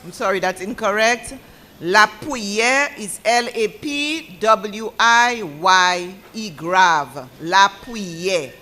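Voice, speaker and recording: A woman reading out spelling bee words, saying each word twice in a slow, deliberate way and ruling answers correct or wrong. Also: medium pitch, expressive, pushed and bright. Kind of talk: reading contest words aloud and judging answers.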